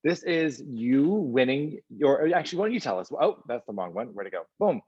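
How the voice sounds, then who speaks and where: A man's voice: mid-range voice, big pitch swings, moderate pace, a little mellow, breathy edge, no echo, muffled recording. A man hosting a casual video call interview, playful and gushing, easily sidetracked.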